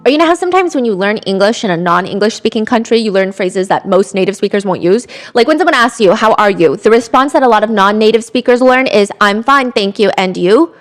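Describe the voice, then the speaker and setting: A young woman hosting a podcast, telling a true-crime story with chatty, animated asides and quoted voices. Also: mid-range voice, fast talker, few pauses. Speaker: podcast host.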